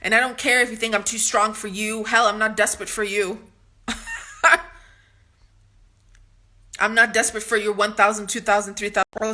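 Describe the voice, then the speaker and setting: A woman's voice: mid-range voice, bright, forceful tone. Blunt, profane woman ranting to camera. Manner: ranting with frequent restarts. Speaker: vlogger.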